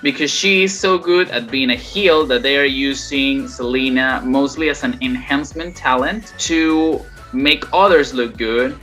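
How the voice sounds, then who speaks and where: A host talks through a ranked list in a measured, steady way. The voice sounds bright and forward. Soft music sits faintly behind. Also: medium pitch. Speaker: channel host. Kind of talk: casual wrestling commentary.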